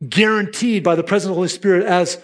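High-voiced man preaching a sermon. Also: fairly even intonation, fast. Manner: earnest, emphatic, acts out listeners' inner voices. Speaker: pastor.

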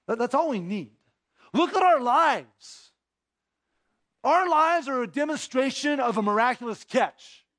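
High-voiced man preaching a sermon. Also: lively intonation, measured pace, fairly bright tone. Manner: conversational preaching, rhetorical questions, acted-out dialogue. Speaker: pastor. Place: church sanctuary.

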